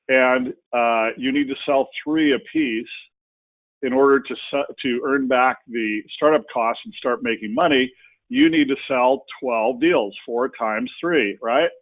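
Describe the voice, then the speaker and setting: Folksy man presenting over tinny audio. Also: mid-range voice. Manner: conversational, folksy asides. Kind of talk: business webinar talk.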